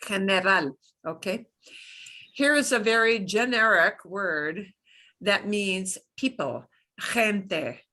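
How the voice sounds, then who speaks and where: A middle-aged woman teaching beginner Spanish, modeling each pronunciation slowly and clearly. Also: medium pitch, expressive, pushed and bright. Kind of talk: beginner language lesson.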